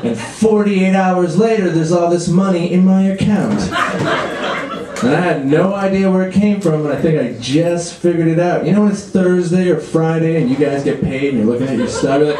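A man's voice: a little high, normal speed. A man in his thirties from Canada, doing a crude, self-deprecating stand-up comedy set on a club stage. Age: 30s. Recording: echoey comedy club with audience noise.

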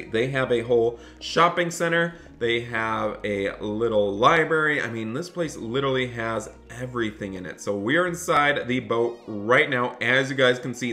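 A man playing a dad in an animated game roleplay, excitable and often scolding his son. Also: medium pitch.

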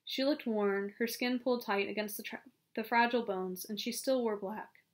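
A woman reading a novel aloud as an audiobook narrator, in a steady storytelling manner. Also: fairly high pitch, normal speed. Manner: steady storytelling with small self-corrections. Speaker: audiobook reader. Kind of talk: scripted narration.

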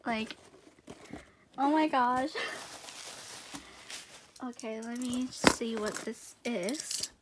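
A young woman vlogging an unboxing, gushing with excitement and breaking into squeals. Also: on the high side, very slow, pauses often, noisy background. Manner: gushing, excited, repeats "oh my gosh". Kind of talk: unboxing vlog chat.

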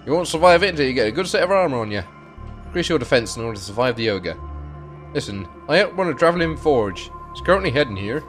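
A man voicing a hearty, loud woman blacksmith's daughter in a game, in a put-on regional accent. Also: medium pitch, fast, faint music behind. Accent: put-on British regional accent. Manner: loud, bellowing, excited.

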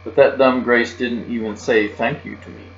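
A man reading a children's chapter book aloud, expressive and lively in a child's first-person voice. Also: medium pitch, normal speed, creaky. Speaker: reader. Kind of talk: storybook read-aloud. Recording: muffled, roomy recording with mains hum.

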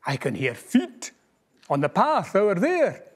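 A man voicing a big, hungry, gullible male monster with a gruff Scottish accent in a storybook reading in Scots. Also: sits high, huge pitch swings, unhurried, exaggerated voice. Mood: wary.

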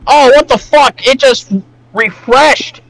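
A man hosting a casual reaction video over voice chat, excitable and swearing often with loud outbursts. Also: very high-pitched, takes it slowly, creaky, poor audio.

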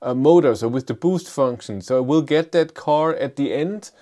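Hosting a live stream, a middle-aged German-accented man with a mellow, mid-range voice reads out questions from the chat. His replies to viewers come in a casual, halting way, full of fillers and restarts.

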